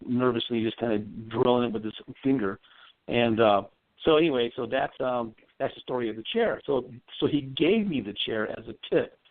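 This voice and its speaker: A man, a psychic medium guest, telling a long rambling story in a radio interview, full of ums and restarts. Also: mid-range voice. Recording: tinny phone line.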